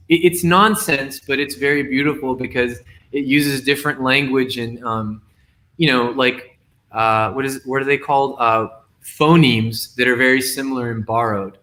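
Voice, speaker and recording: A man, a guest poet in a casual call, explaining his wordplay carefully and reading slowly. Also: mid-range voice, steady tone, pushed and bright. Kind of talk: casual video-call conversation.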